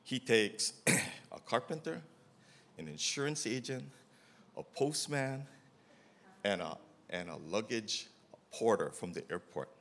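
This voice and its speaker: A man's voice: fairly low pitch, big pitch swings, takes it slowly, long pauses, a bit bright. A middle-aged man telling a casual testimony about volunteer work, rambling with many fillers and acting out the dialogue as he goes. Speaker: mission trip volunteer giving a testimony.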